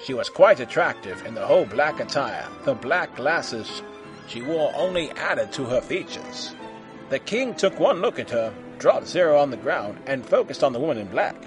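A man reading a humorous story aloud in an animated way, slipping into silly character voices. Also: mid-range voice, normal speed, music in the background. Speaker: fan fiction reader.

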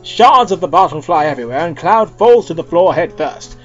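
A young man reads a silly story aloud in a playful, dramatic way. His voice sits a little high and swings widely in pitch. The recording is dull and lo-fi, with faint music underneath. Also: brisk. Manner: switches between character voices, lively and playful. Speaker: reader of fan fiction.

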